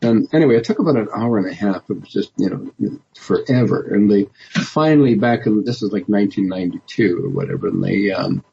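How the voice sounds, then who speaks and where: A man's voice: fairly low pitch, fairly quick, gravelly, dark tone, dull audio, a little hiss or hum. A man, a politician guest in an interview, telling his story in a rambling way with many restarts and fillers. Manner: rambling, many restarts and "you know", laughs often.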